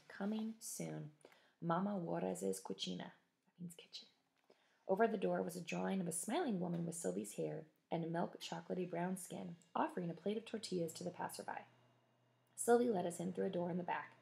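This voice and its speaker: A woman's voice: lowish voice, creaky, warm tone. A woman reading a children's book chapter aloud, chatty, with casual asides to listeners. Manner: chatty, self-correcting. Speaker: audiobook reader.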